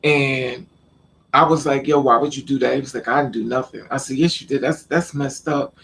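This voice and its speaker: A man's voice: mid-range voice, fairly even intonation, moderate pace, gravelly, a bit bright. A man vlogging, telling a personal story in casual, profane speech and acting out the lines of the people in it. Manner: blunt, profane, quotes people in conversation.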